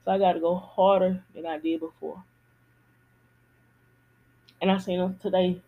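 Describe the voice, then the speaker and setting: Husky candid woman with a drawl. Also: fairly low pitch, moderate pace, narrow, tinny audio. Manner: candid, animated, repeats for emphasis. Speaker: podcast host. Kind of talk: casual personal monologue.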